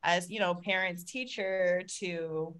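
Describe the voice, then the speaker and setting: A woman's voice: fairly low pitch, slow pace. A woman chatting casually about parenting, talkative and full of fillers. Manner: chatty, lots of fillers, animated retelling. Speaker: podcast co-host, parent. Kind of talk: casual chat.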